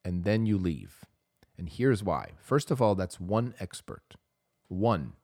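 A man's voice: on the low side, darkish tone, no echo, studio quality. A man hosting a podcast, speaking earnestly and emphatically to parents, repeating key phrases for weight, with hesitant fillers between thoughts. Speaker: podcast host. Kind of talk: impassioned advice monologue.

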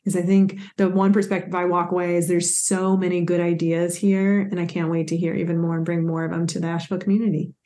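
A woman's voice: fairly low pitch, flat delivery, fast talker, hardly any pauses, warm tone. A woman guest in a radio interview, telling her stories with earnest enthusiasm. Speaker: guest, executive coach.

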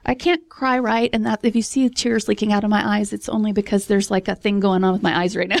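A woman preaching a casual sermon in a chatty, expressive way, laughing often and acting out voices. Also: mid-range voice, brisk, creaky, no room sound.

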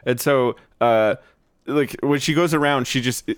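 A man's voice: medium pitch, measured pace, smooth, no echo, clean studio sound. A man from New Jersey hosting a casual podcast chat, rambling and laughing easily. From New Jersey, USA. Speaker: podcast host.

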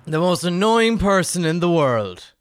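A man's voice: sits high, very animated, unhurried, very noisy. A man hosting a podcast, ranting profanely in casual chat. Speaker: podcast host.

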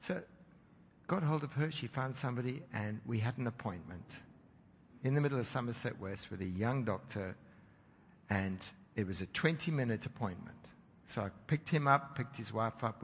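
A preacher telling a story in a sermon, animated as he acts out the dialogue. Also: fairly low pitch, moderate pace. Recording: reverberant hall with faint noise.

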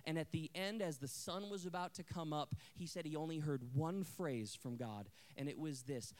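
A man preaching a sermon, telling a story with drama and dropping from hushed lines to loud exhortation. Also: fairly high pitch, normal speed, hardly any pauses. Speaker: pastor.

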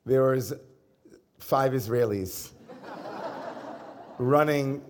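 Storytelling rabbi, relaxed and conversational. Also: male voice, medium pitch, drawn-out words, a little hiss or hum. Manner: conversational storytelling with gentle humor. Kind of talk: sermon.

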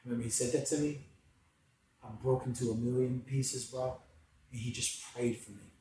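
Man, casual faith chat, hushed to fired-up preaching, says bro a lot, distant mic, very echoey room, faint noise. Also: medium pitch, normal speed. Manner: swings from hushed reflection to excited preaching; casual slang, calls listener bro.

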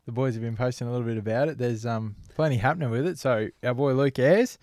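A young Australian man co-hosting a podcast, laid-back and quick with quips in casual chat. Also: medium pitch, darkish tone, no room sound. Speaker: podcast co-host.

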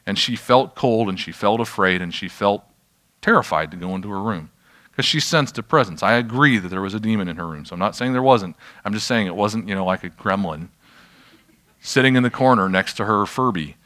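A pastor leads a church class in a room with an audience, giving informal sermon teaching in a loose, conversational, self-deprecating way and often checking whether listeners follow. His voice is on the low side, fairly quick, with a sharp tone.

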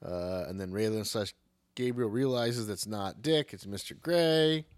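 A man with a lowish voice runs through a movie plot in loose, profane podcast chatter. He jokes as he goes. The sound is close and dry, with no room around it. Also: unhurried, dry recording. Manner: profane, jokey, slips into mocking voices. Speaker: podcast co-host. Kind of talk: casual movie recap chat.

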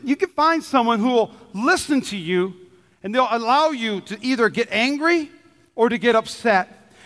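A man's voice: extremely high pitch, fairly bright tone. A man preaching a Sunday sermon as pastor, talking animatedly and acting out the voices of the people he quotes. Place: church auditorium. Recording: long reverb of a large hall.

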